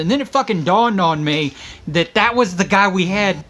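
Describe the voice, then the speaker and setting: Exasperated woman ranting, swearing freely. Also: fairly quick. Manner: profane, exasperated, animated with sudden pitch jumps; self-interrupting, restarts often. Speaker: teacher and vlogger. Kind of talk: casual ranting monologue.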